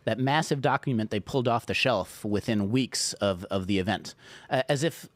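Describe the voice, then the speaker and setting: A man on a podcast panel making firm, measured points. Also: lowish voice, no room sound. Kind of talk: casual panel discussion.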